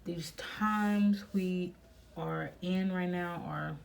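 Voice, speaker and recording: A woman hosting a budgeting vlog, quietly counting cash aloud and chatting casually to viewers between counts. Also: lowish voice, steady tone, extremely slow, creaky. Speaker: budgeting channel host. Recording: noisy home recording.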